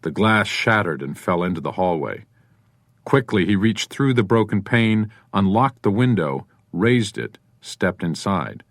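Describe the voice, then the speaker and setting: A man narrating an audiobook in a measured, even manner, recorded on a studio microphone. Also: sits low, no room sound. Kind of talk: scripted narration.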